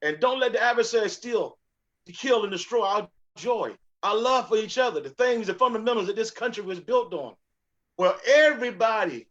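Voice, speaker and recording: A man's voice: high-pitched, a bit bright, muffled recording. A man speaking as a guest on a talk show, giving an earnest, sermon-like message of encouragement. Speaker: guest, sauce maker. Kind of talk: casual talk, preacher-like encouragement.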